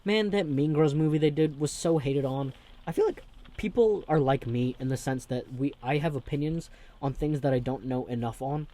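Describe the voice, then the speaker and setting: A man's voice: fairly high pitch, moderate pace, dark tone. A young man hosting a rambling, jokey comedic monologue. He keeps interrupting himself and jumping between thoughts. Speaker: host.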